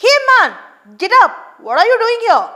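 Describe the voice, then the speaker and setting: A stern, gruff grown man who guards a lake and barks at intruders, as a woman with an Indian English accent reads his lines. The voice sits high and carries a brisk, lively lilt. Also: heavily acted. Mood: scolding. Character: gruff adult male lake watchman, stern.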